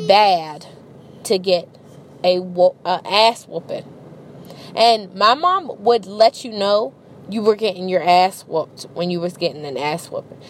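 Animated woman telling a profane story. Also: medium pitch, a little hiss or hum. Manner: animated, profane, acts out voices. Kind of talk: casual storytelling monologue.

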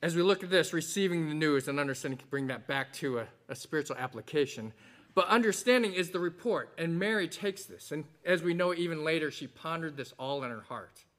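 Preacher, male, a bit high-voiced, animated sermon delivery with jokes and quoted lines. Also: brisk. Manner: animated preaching with a told joke and acted quotes. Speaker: pastor.

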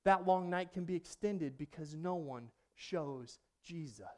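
High-voiced man preaching with dramatic swings. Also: measured pace. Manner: dynamic, swings from hushed to loud. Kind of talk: sermon.

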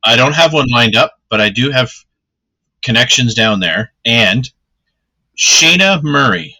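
A man chats easily as a podcast co-host. His voice rings very bright and cutting, at a middling pitch. He tosses out dry, deadpan jokes between stories. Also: measured pace. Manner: joking, deadpan one-liners. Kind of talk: casual chat.

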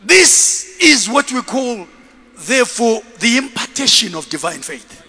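Bishop, male, high and sharp, shouting sermon delivery, echoing church hall. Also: a little slow, breathy edge. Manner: animated, shouting, with bursts of laughter; calls for congregation repeat-after-me. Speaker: bishop, preacher. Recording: long reverb of a church hall.

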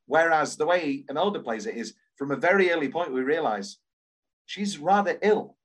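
A male podcast co-host chats casually and enthusiastically, gushing with animation and restarting his sentences again and again. His voice is a little high and a little fast.

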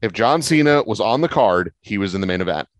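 A man co-hosts a casual wrestling podcast, arguing his opinions emphatically with lively pitch swings. He talks fairly quickly, and there's no room sound.

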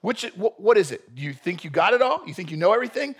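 High, animated, husky male pastor. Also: fast. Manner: animated, acts out quotes, rhetorical questions. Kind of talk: sermon.

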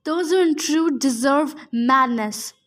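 A woman reading the part of a malicious old male ghost king, speaking slowly and mockingly. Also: sits high, a bit bright. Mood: sneering. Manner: slow, sneering, mocking. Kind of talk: audiobook character reading.

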